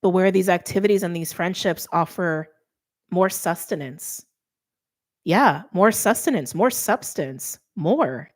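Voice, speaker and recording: A woman's voice: lowish voice, unhurried. A middle-aged woman giving a casual tarot reading, chatty and thinking aloud with many fillers. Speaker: tarot reader.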